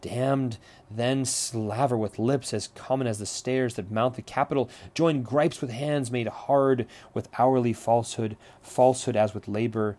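A man reading the lines of a scheming, smooth-talking Italian nobleman, delivering old verse in a measured way. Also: on the low side, a little mellow. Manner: reads verse aloud plainly, measured.

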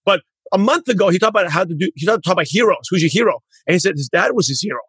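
A man's voice: high-pitched, animated, racing, fairly bright tone, breathy edge, no room sound. A man hosting a podcast in casual interview chat, rambling and correcting himself as he talks. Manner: rambling, self-correcting, proud father. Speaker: podcast host.

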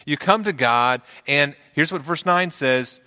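A man's voice: a little slow, bright, forceful tone, smooth, long reverb tail. A man preaching a sermon as pastor in a church, earnest, often repeating words as he builds a point. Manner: earnest, repeats words, rises in pitch for emphasis.

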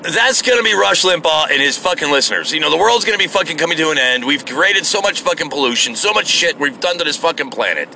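A man's voice: a little high, expressive, quick pace, creaky, few pauses, sharp tone, slight background noise. A man delivering a heated, sarcastic monologue full of swearing. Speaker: online commentator. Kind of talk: profane ranting monologue.

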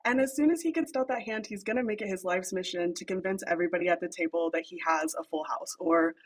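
A woman's voice: mid-range voice, fast, slightly rough, poor audio. A young woman guest on a podcast, chatting casually and animatedly about her writing, laughing often and acting out lines. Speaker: podcast guest, fanfic writer.

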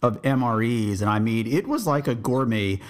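A man's voice: medium pitch, animated, moderate pace. A man from Texas, an army veteran hosting a podcast, telling his service memories in a reflective, meandering way with frequent restarts. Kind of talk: storytelling memoir.

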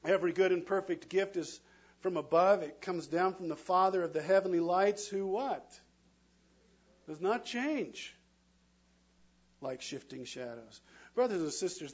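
Man, middle-aged pastor, emphatic sermon, husky voice, dull lo-fi sound. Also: a little high, normal speed. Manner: emphatic call-and-response preaching, asks the congregation questions.

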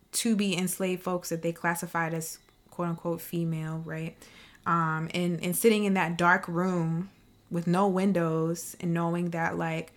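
Reflective woman from South Carolina. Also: fairly low pitch. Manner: reflective, earnest personal account. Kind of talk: casual discussion.

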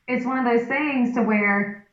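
A woman's voice: on the high side, a little slow, fairly bright tone, distant mic. A woman powerlifter and schoolteacher talking bluntly in a casual interview, with lots of "like" and easy laughter. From United States. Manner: candid, blunt, laughs easily, filler "like". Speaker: guest, competitive powerlifter; first grade teacher. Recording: echoey room, off-mic, dull sound.

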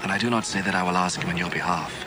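Man playing Jesus, deep low voice, gentle, half-whispered, film score behind. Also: very fast, close to an everyday voice. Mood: tender. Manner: soft, tender, partly whispered. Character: Jesus speaking gently to his disciples. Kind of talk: film drama with music. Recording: film audio with music.

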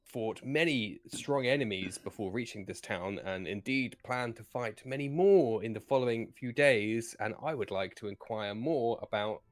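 A man's voice: medium pitch, normal speed, hardly any pauses, natural voice. A man voicing a pompous male scholar who poses as a warrior, speaking in a puffed-up, formal, theatrical way. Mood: grandiose.

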